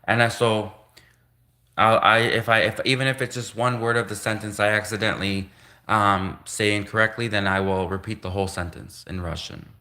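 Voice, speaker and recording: A man hosting a casual livestream, talking in halting bursts and slowly sounding out practice phrases in a language he is learning. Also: on the low side, steady tone, bright, forceful tone. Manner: halting, restarts, slow careful reading of foreign phrases. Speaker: livestream host.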